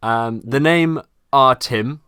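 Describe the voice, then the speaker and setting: A man's voice: mid-range voice, slow, bright, forceful tone, clean tone, no room sound, studio quality. A man from the Manchester area with a Manchester accent, hosting a podcast and asking easygoing, hesitant questions in casual chat. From Manchester area, England. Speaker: podcast host.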